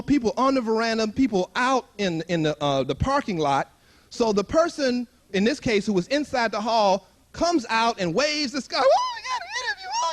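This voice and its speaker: A man with a high, very lively voice tells a humorous story to a retreat audience. He acts out the voices he quotes and laughs along with his own jokes, speaking with a bright, dramatic storyteller's energy. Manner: animated, acts out quoted voices, chuckles often.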